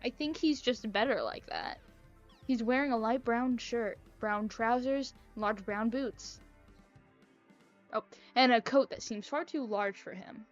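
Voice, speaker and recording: A woman's voice: on the high side, a little slow, dull audio, faint music behind. A young woman reading a visual novel aloud, with playful, chatty, self-mocking asides. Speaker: gaming video creator.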